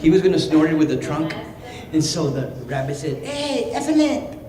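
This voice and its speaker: A man's voice: on the high side, a little fast, over a noisy crowd. A man, a boisterous entertainer telling a joke and laughing at it. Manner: boisterous, laughs at own jokes. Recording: echoey hall with loud background noise.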